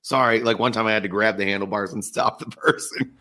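Brief: male podcast co-host, very low voice, loose and easygoing chat. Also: fast talker. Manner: relaxed, rambling. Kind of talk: casual chat.

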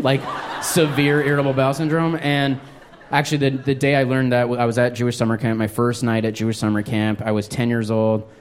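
A young man doing stand-up comedy, telling a story in an animated, self-mocking way and acting out his younger self. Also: medium pitch.

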